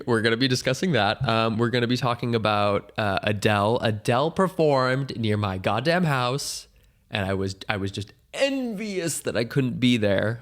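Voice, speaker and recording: A young man hosting a casual solo podcast, his voice hoarse and weak, rambling along in a jokey, self-deprecating way. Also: lowish voice, a bit bright. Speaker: podcast host.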